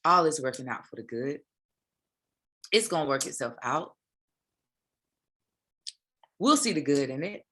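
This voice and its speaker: Low-voiced woman preaching to viewers. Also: lively intonation, a little slow, pauses often, fairly bright tone. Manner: preachy, call-and-response asides to viewers. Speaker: spiritual teacher. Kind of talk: livestreamed spiritual talk.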